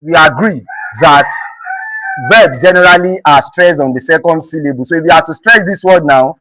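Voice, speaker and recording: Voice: medium pitch, a bit bright, no echo, rough recording. A teacher with a Nigerian accent giving an exam-prep English lesson, often asking "what?" and answering the question, and spelling words out letter by letter. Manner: keeps asking the class "what?" and then answering it; spells words out letter by letter and repeats them slowly.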